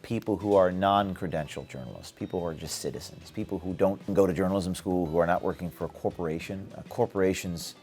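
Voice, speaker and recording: A man from the United States answering rapid interview questions bluntly and with emphasis, now and then breaking into short laughs. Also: sits low, darkish tone, faint music behind. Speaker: interview guest, activist. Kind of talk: quick-fire interview answers.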